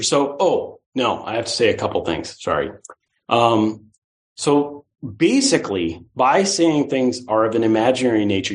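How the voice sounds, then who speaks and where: Animated man giving a dharma talk. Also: mid-range voice. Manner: animated, conversational, with playful vocal swoops. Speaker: Buddhist teacher.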